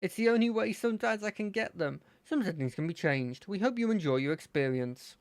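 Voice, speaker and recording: A gaming streamer chatting casually while playing, with a lively, up-and-down voice. The tone stays relaxed as they think aloud, and the close mic sounds dry. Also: medium pitch, brisk, no echo. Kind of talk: casual let's-play commentary.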